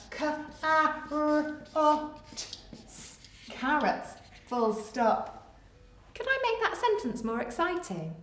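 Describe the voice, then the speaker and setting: A woman's voice: medium pitch, lively intonation, slow. A woman teacher with an English accent giving a playful writing lesson to young children, talking in a sing-song, exaggerated way. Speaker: primary school teacher. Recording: echoey room.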